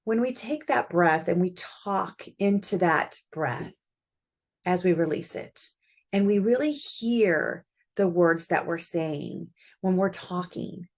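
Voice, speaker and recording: A woman's voice: lowish voice, slow pace. A middle-aged woman hosting her own show, talking through her thoughts on parenting in a conversational way, with frequent fillers. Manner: warm conversational, thinking aloud with fillers. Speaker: podcast host. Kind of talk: reflective solo talk on parenting.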